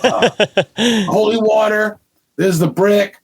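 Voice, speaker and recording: A man from Maine, a guest ghost hunter, talking bluntly and excitedly with lots of swearing in casual podcast chat. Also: sits high, slow pace, creaky, husky. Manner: blunt, profane, rambling and excitable.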